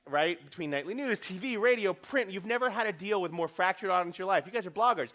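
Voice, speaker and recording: A New York man with a high, fairly bright voice gives a comedic keynote to a conference audience. He's fast, brash, and profane, joking and acting out quotes as he goes.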